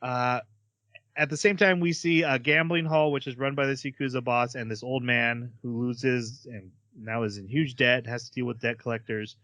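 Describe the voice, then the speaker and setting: Bright-voiced man casually recapping. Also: medium pitch, steady tone, normal speed, no echo, highs cut off. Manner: chatty, hesitant with fillers, acts out quotes. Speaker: podcast host.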